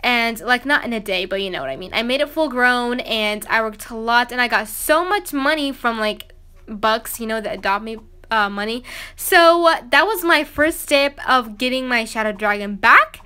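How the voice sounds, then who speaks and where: Young woman, high bright voice, rambly storytime w lots of um and like. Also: animated, normal speed, smooth. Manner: rambling, many fillers and restarts, acts out quotes. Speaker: gaming vlogger. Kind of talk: casual storytime narration.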